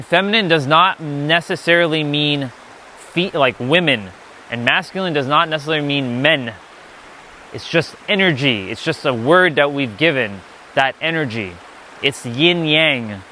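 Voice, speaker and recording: A man's voice: a little high, moderate pace, pushed and bright, slight background noise. A man giving an unscripted spiritual lesson, blunt and emphatic, often swearing. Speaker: spiritual teacher.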